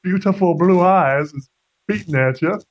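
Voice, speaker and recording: A man's voice: high-pitched, normal speed, a little hiss or hum. Male game master, loose rambling narration, dull lo-fi sound. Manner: casual, rambling, many fillers and laughs.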